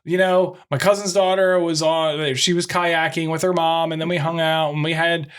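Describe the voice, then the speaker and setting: A man's voice: fairly high pitch, level tone, normal speed, a bit bright, smooth. A man co-hosting a podcast, venting casually and swearing, mimicking his relatives as he talks. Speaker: podcast co-host.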